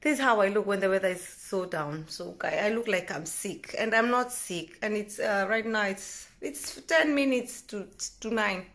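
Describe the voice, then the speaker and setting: A woman from Kenya chatting casually to the camera at home in a vlog, rambling and correcting herself, often trailing off softly. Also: medium pitch, normal speed, few pauses. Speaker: vlogger. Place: at home indoors.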